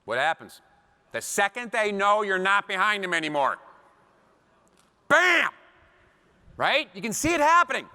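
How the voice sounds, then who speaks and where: A man giving a seminar talk to a live audience, telling animated stories with acted quotes. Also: sits high, normal speed, pauses often. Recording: long hall reverb.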